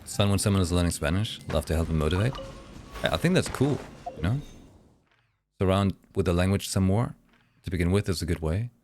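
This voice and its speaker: A man streaming a game and chatting casually with his viewers. His voice sits on the lower side but swings widely and playfully in pitch as he talks. Faint music plays quietly underneath. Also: animated, brisk, long pauses. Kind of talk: casual live-stream chat.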